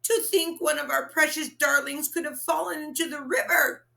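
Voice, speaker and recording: A woman's voice: high-pitched, steady tone, moderate pace, gravelly, bright, forceful tone, pitched above the performer's own voice, exaggerated voice. A woman voicing a worried mother who cries out in alarm, in a storybook read-aloud. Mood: frantic. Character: worried mother, frantic and tearful.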